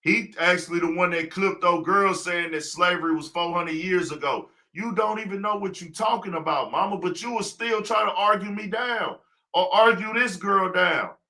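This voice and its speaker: A man with a high-sitting, sharp-toned voice speaks at a normal speed. He's a podcast host running a casual livestream talk show, preaching his point through rhetorical questions that he answers himself.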